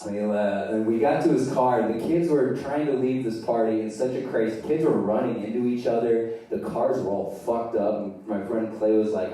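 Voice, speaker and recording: A man's voice: mid-range voice, normal speed, few pauses, dark tone. A young adult man doing live stand-up storytelling, loose and profane, laughing at his own tale on a theater stage. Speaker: stand-up comedian. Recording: echoey theater from far off.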